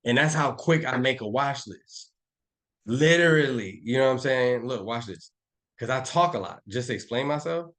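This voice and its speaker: A man teaching a casual live trading class, rambling and slangy, thinking out loud as he charts on a shared screen. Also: mid-range voice, lively intonation, normal speed. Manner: rambling, slangy, talks to himself while charting. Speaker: trading instructor.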